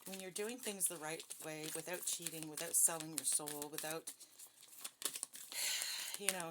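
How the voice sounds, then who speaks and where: Lady doing a chatty tarot reading, lowish voice, noisy background, keeps asking okay?. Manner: chatty, self-deprecating, talks straight to viewers with frequent "okay?". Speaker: tarot card reader. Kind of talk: casual spiritual card reading.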